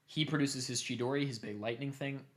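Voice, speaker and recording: A young man casually retelling a long story to his family, animated and cursing offhandedly. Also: medium pitch, fairly quick, background noise. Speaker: streamer host.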